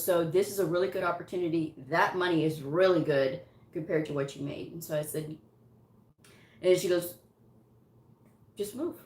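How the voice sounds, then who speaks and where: A woman telling a personal story in a casual, chatty way, laughing often and quoting what people said to her. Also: fairly low pitch. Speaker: medical coding vlogger. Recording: echoey room.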